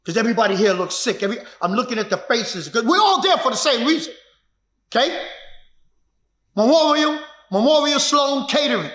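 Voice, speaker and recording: A martial arts instructor telling his own story in an emphatic, repetitive way that builds to shouts. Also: very high-pitched, expressive, a little fast. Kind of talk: personal storytelling. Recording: echoey room.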